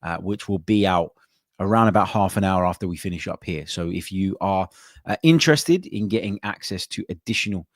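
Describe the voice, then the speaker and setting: Man, deep low voice, podcast host, casual live-stream chat, lots of ums and uhs, dry close sound. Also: brisk, no room sound. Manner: chatty, thinks aloud with many ums and uhs, reads out viewer comments.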